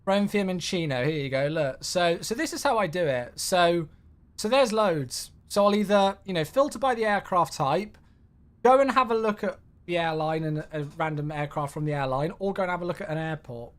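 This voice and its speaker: A man's voice: high voice, animated, moderate pace. A young man, chatting casually on a flight-sim live stream and thanking viewers by name.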